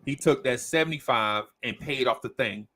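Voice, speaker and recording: A podcast host with a medium-pitched voice and a moderate pace tells a long story during a casual chat. Animated throughout, he acts out each person in the story by doing their quoted lines in character.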